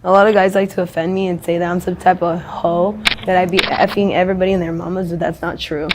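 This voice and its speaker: A woman's voice: fairly low pitch, little pitch movement, fast talker. Woman interviewee, rambling blunt talker who swears a lot, noisy street recording behind her.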